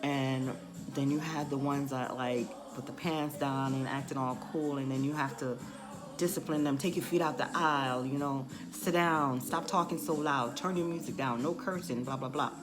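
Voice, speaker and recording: A woman bus driver telling stories in a casual vlog, chatty and full of "you know", acting out the kids' voices in high shrieks. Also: steady tone, moderate pace, music in the background.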